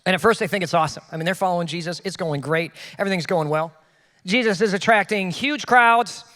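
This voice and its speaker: A young man with a high voice preaching a sermon in a relaxed, conversational way and acting out the people in his story. His voice rings with the long reverb of a church hall. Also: fast. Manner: casual, conversational preaching with acted-out quotes. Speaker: pastor.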